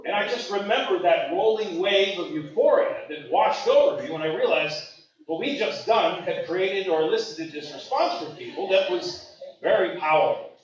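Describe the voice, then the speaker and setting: A man from Maui telling an animated story at a gathering and acting out the voices he quotes. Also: sits high, normal speed. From Maui, Hawaii. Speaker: speaker sharing a memory at a gathering. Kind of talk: casual storytelling. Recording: echoey room, distant mic, dull sound.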